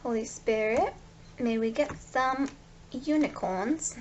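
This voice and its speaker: A woman's voice: a little high, slow, lo-fi sound, slight background noise. A woman giving a tarot card reading, gushing and speaking straight to her viewers. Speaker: tarot reader.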